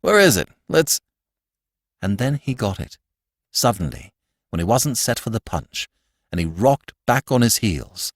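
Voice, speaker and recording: A man narrating a classic story for a podcast, his voice rising and falling with animated expression. He is recorded close on a studio mic with a dry sound and no room echo. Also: on the low side, a little slow, husky. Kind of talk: scripted audiobook narration.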